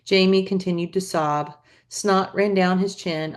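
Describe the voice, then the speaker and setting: A woman teacher reads a children's novel aloud in an expressive storytelling voice. Her voice sits a little low, and she now and then drops in a short aside of her own. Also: a little slow.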